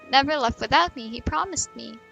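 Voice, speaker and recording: A woman's voice: high-pitched, a little fast, gravelly, a bit bright, highs cut off, faint music behind. Woman doing a frightened pleading young dame. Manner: breathless, pleading.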